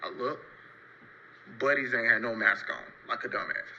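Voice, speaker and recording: A young man telling a casual story-time tale in loose, rambling, slang-heavy talk, marking each turn with a quick "so boom.". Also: pushed and bright, highs cut off, slight background noise. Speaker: storyteller in a played clip.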